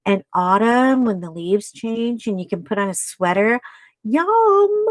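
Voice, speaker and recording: A woman's voice: mid-range voice, normal speed, no echo. Chatty woman with a dry close voice. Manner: rambling and chatty, laughs often, trails off mid-sentence. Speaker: livestream host. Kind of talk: casual chat with viewers while crafting.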